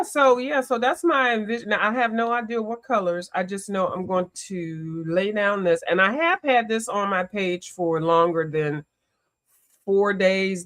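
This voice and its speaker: Chatty woman hosting a coloring stream. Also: mid-range voice. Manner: chatty and animated, greets viewers, often exclaims. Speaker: coloring livestream host. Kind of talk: casual livestream chat.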